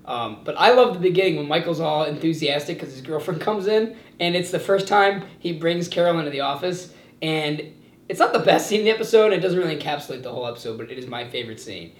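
Young male podcast host, lively storyteller, slightly high voice, roomy echo. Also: fast talker. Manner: animated storyteller, acts out quotes with laughs. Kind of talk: casual chat.

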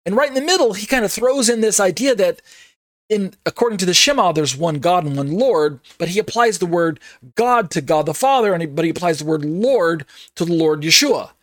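Earnest man with a higher voice teaching Bible. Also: animated, a little fast, no echo, studio quality. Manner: earnest, emphatic, repeats himself with many fillers.

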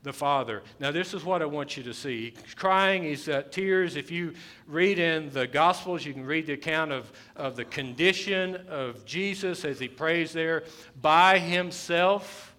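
A male pastor preaching a sermon, repeating his phrases and rising to loud, emphatic bursts. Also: on the high side, measured pace. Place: church sanctuary.

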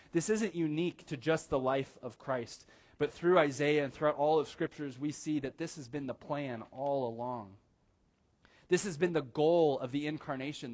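A man preaching a sermon as pastor, earnest, slowing down on key phrases and calling the listeners friends. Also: mid-range voice.

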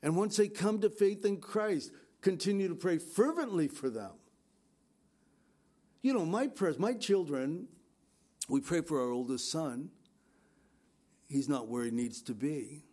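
An older male pastor preaches in an easy, conversational way, earnest and exhorting. His voice sits a little high for a man. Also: unhurried, long pauses, mellow. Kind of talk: conversational sermon.

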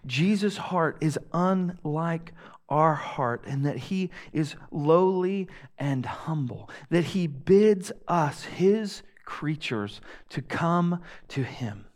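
A young man delivers a sermon in an earnest, unhurried way. His voice sits a little high for a man, and he lets each phrase land slowly. He swells loud on emphasis, then falls to a hush. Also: expressive. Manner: earnest preaching, swings between loud emphasis and soft hushed lines. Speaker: pastor.

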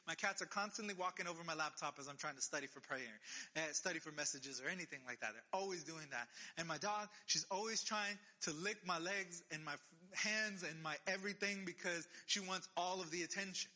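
A man giving a casual, conversational sermon, urging listeners with emphatic repeated phrases. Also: high voice. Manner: conversational, emphatic repetitions, animated.

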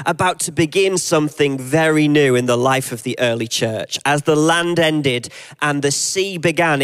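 A man preaching a sermon, reflective, reading passages aloud and slowing down for emphasis. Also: a little high. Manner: reflective, reads scripture and story aloud, slows for emphasis.

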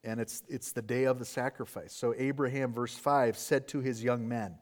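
A man's voice: medium pitch, steady tone, normal speed. Earnest man preaching a sermon. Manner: earnest, explanatory, asks rhetorical questions. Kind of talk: expository sermon.

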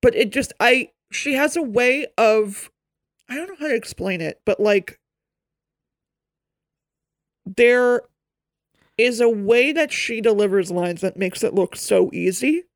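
A woman co-hosting a podcast in casual chat, talking in digressive runs full of quick asides. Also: a little high, lively intonation, no room sound, studio quality. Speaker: podcast co-host.

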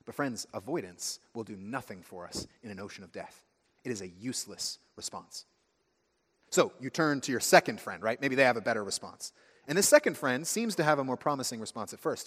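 A man preaching a sermon as pastor, telling stories with lively, acted-out asides. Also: mid-range voice, brisk, slightly rough. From United States. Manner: animated storytelling, acting out friends' voices. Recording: long hall reverb.

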